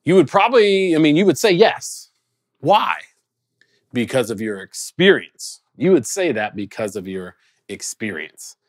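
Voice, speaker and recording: A male pastor with a medium-pitched voice speaks unhurriedly in a casual sermon, telling stories conversationally and animating them with acted quotes. Recorded away from the congregation during lockdown, the audio is studio quality with no echo.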